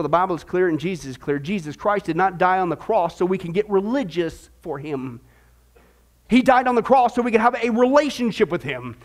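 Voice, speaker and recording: A man preaching a sermon in an emphatic, animated, rhetorical way. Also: very high-pitched.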